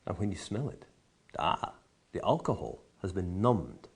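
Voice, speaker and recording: Man, husky, lowish voice, lively teaching, playful asides. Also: unhurried. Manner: enthusiastic, vivid comparisons, playful asides. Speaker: whisky educator. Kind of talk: explanatory tasting talk.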